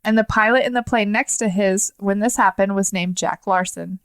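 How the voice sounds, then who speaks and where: A woman's voice: medium pitch, moderate pace, no room sound. A woman co-hosting a podcast, reading true stories aloud with teasing banter in between. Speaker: podcast co-host. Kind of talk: reading stories, casual chat.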